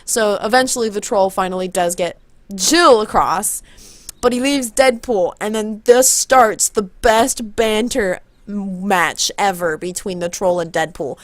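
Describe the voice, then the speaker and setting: A young woman telling a story in a casual vlog, excited and rambling, often backtracking to fix the order of events. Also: mid-range voice, unhurried, no echo. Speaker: vlogger.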